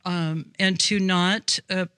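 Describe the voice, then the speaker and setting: A woman's voice: on the low side, fairly even intonation, slow, sharp tone, clean tone, no room sound. A woman guest on a faith podcast, talking earnestly in a rambling way, with many fillers. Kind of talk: casual faith conversation.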